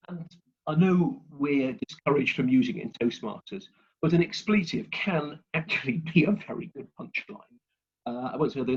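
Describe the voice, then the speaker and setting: A man's voice: fairly high pitch, husky, highs cut off. A man presenting a speaking workshop over a video call, rambling with many fillers and restarts as he shares anecdotes. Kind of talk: instructional talk with anecdotes.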